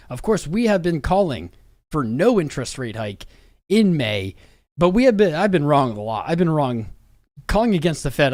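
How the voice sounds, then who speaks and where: A man's voice: a little high, a little mellow, no echo, clean studio sound. Slangy, hyped male crypto streamer. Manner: hype-driven, slangy, rambling. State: tired from a long day. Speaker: crypto livestream host. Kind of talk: casual livestream commentary.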